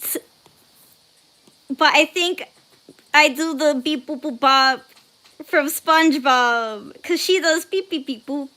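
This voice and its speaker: A young woman with a high, unhurried voice hosts a casual art stream and reads viewers' messages aloud. Her tone is bright and light, and she breaks into laughter and squeals easily. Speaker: art livestream host. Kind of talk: casual livestream chat while drawing.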